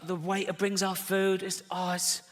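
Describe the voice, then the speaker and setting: A man's voice: high-pitched, completely flat delivery, normal speed. An English man in his sixties doing stand-up comedy, telling stories conversationally with frequent "right?" asides to the audience. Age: 60s. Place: large theater with audience. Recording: live theater recording with long hall reverb and audience. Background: audience laughter.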